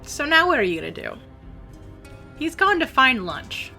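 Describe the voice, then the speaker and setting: A woman game master narrating a tabletop game with a lively, bright voice that rises and falls widely. She is gentle and encouraging toward her player. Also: sits high, moderate pace, faint music behind.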